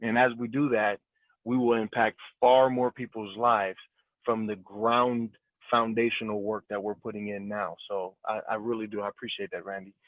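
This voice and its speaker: A man's voice: on the low side, level tone, moderate pace, dry recording. A man hosting a group call, talking in an encouraging, rambling way with many restarts. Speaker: call host. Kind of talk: casual group call talk. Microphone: cell phone. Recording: tinny phone-line audio.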